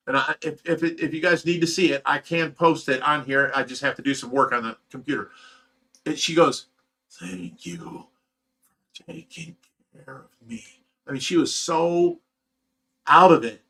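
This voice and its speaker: A man speaks straight to his viewers, retelling a hard personal story in loose, emotional, run-on sentences. His voice sits a little high and comes across bright and pushed. The delivery is raw and unpolished. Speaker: host of a fish rescue channel.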